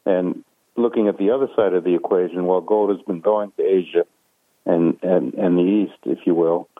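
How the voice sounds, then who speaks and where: Deep-voiced man on a tinny phone line. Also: fairly even intonation, no echo. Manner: measured, hesitant with many fillers. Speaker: guest analyst. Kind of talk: phone interview.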